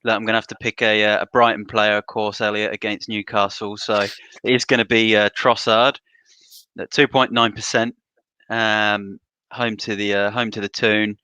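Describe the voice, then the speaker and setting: Low, bright-toned male pundit. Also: normal speed, smooth, no room sound, highs cut off. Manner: relaxed, filler-heavy. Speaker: panel pundit. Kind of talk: casual podcast chat.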